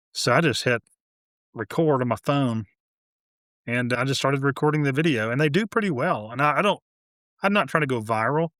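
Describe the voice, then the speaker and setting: Animated storytelling man, dry sound. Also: medium pitch, no room sound. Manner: animated storyteller, quoting others. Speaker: home builder guest. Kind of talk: casual interview chat.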